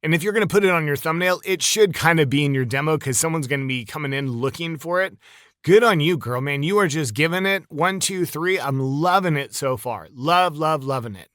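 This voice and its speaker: Chatty coach guy reviewing a demo, bright highish voice, super enthusiastic. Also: no echo, studio quality. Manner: upbeat and chatty, with quick bursts of praise. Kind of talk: casual video critique.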